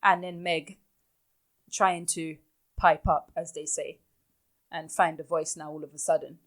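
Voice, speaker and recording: Woman, podcast host, lowish voice, blunt and exasperated. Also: fairly even intonation, measured pace. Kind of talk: casual recap chat.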